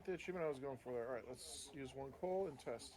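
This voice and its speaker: A man's voice: medium pitch, quick pace, darkish tone, a little hiss or hum. A man chatting casually while gaming with friends, laid-back and teasing. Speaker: gamer on stream.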